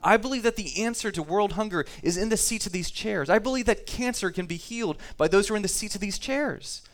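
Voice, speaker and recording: A man's voice: high-pitched, fairly quick. A man preaching a sermon to his congregation, talking easily, reading scripture aloud and repeating himself now and then. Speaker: pastor.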